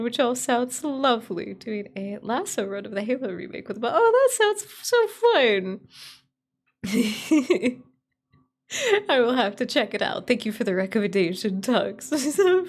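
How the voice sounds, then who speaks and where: Woman, VTuber streamer, casual live-stream chat, fairly high voice, chatty, swears freely, squeals and laughs when startled.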